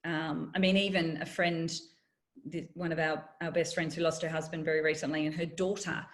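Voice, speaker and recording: A woman's voice: sits low, level tone, a little fast. A middle-aged woman, telling a personal story in an interview, candid and wry. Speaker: guest, former journalist.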